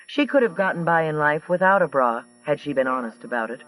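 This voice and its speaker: Brief: male audiobook narrator, dry delivery, a bit high, recorded off-mic. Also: lively intonation, a little fast, fairly bright tone, no echo, far from the mic, soft background music, poor audio. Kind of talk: scripted narration.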